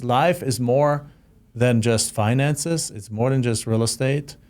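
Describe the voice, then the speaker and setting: A middle-aged man with a German accent, hosting his own show and talking through a personal story in a heartfelt, halting way with many restarts. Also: medium pitch, a little mellow. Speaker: host. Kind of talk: reflective solo monologue.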